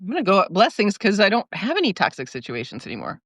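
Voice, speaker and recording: A woman's voice: medium pitch, huge pitch swings, fast, a bit bright, slightly rough, no echo, clean studio sound. A woman guest in a casual live chat who talks animatedly and laughs a lot.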